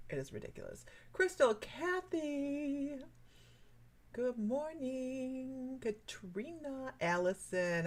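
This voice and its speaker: A woman from Michigan hosting a casual psychic-reading livestream, chatty and quick to laugh, greeting viewers by name. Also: sits low. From Michigan, USA. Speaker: psychic medium livestream host.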